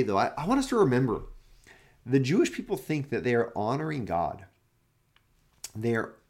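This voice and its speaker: Earnest man reading scripture dramatically. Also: on the high side. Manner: dramatic scripture reading with wide swings between loud and hushed; earnest, repeats words while searching for phrasing. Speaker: pastor. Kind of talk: daily devotional Bible teaching.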